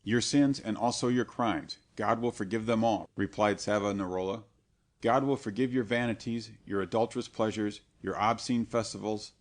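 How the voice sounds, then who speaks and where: Austere monk, grave and unbending, read by a male audiobook narrator; low voice. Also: fairly even intonation, natural voice. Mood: solemn. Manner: grave, measured, severe. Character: stern, solemn male monk preacher, unbending.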